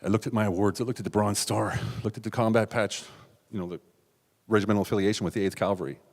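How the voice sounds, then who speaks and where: A middle-aged man from the United States telling a raw, confessional personal story on stage, with sudden loud outbursts and hushed asides. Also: lowish voice, steady tone, quick pace. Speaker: keynote speaker. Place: large hall on stage. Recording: stage talk with long hall reverb.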